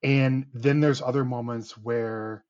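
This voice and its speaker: A man's voice: mid-range voice, fairly even intonation, slow, darkish tone, dull audio. A man in his thirties, a podcast host, chatting casually with lots of fillers and restarts. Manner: rambling, many restarts and fillers. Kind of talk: casual chat.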